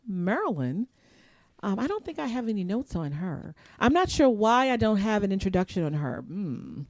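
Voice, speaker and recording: A woman's voice: medium pitch, big pitch swings, normal speed, darkish tone, no echo. A woman hosting a live show, chatty and rambling, laughing often and losing her place in her notes. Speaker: host.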